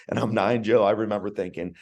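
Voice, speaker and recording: A man, a podcast guest, telling a personal story in an earnest, emotional way, often restarting his words. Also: lowish voice. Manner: earnest, emotional, repeats words when starting.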